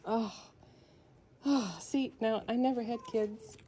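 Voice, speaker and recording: Talking to her foster cats for a vlog, this woman uses a warm, higher-pitched voice and speaks slowly. She coaxes them with fond baby-talk, now and then hushing to a whisper, in a home room with kittens and cats and a bit of background noise.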